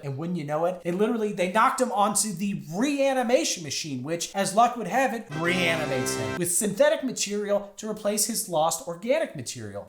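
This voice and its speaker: Sarcastic man recapping a movie, lively pitch. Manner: sarcastic, crude asides. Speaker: YouTube host. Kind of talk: comedic movie recap narration. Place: indoors next to a clothes dryer. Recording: echoey room with music bed.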